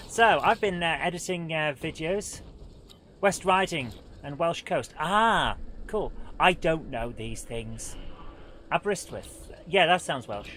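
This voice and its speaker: A woman's voice: deep voice, expressive, takes it slowly, a bit bright, slight background noise. A woman hosting a live game stream, chatting in a rambling, self-deprecating way while she plays and greets viewers. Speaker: livestream gaming host. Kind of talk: live gameplay commentary with chat.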